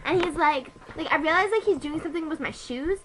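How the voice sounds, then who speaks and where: A woman's voice: sits high, brisk, a bit bright, a little hiss or hum, poor audio. A young woman telling a made-up story to camera in a chatty, sassy way, full of "like" and swearing. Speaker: vlogger. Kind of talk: casual comic storytelling. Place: bedroom.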